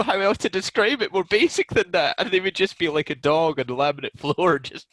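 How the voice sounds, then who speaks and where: A man's voice: high-pitched, fairly quick, few pauses, fairly bright tone, no room sound, low-quality recording. A man who is a ski and snowboard instructor, telling a story in casual chat on a video call and laughing at his own frustration.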